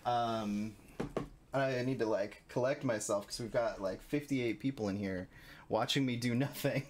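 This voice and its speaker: A young adult man streaming a live reaction, emotional and quick to laugh and swear. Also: medium pitch, background noise.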